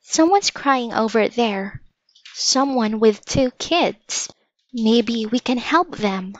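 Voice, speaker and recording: A woman's voice: fairly high pitch, animated, slow. A woman reading aloud and voicing an eager, bold young girl in a storybook. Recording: dull lo-fi dry recording.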